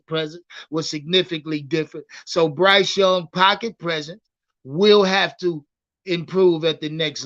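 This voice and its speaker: Bright, sharp male stream host; excitable, swearing, stop-start delivery over muffled audio. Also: fairly high pitch. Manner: animated, profane, repeats words when starting thoughts. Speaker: livestream sports host. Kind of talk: casual livestream commentary.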